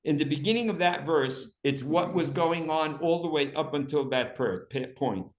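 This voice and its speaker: A man leading a Bible study class, reading Hebrew aloud and acting out the text's dramatic cries with animated emphasis. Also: fairly high pitch, normal speed, roomy sound. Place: room with a small class.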